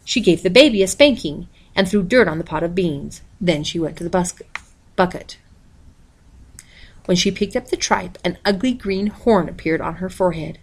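A woman reading a picture book aloud in a steady, expressive storytelling voice. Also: on the low side, moderate pace, breathy edge. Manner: steady, expressive, reads page numbers aloud. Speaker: storybook reader.

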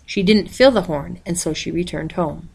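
A woman reading a picture book aloud in a steady, expressive storytelling voice. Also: lowish voice, moderate pace, gravelly, breathy edge. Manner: steady, expressive, reads page numbers aloud. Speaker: storybook reader.

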